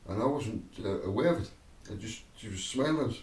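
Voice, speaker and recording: Speaking fast and animatedly in a fairly low, slightly mellow voice, this man rambles through a personal story to camera, digressing and laughing often. His distant mic picks up a roomy echo.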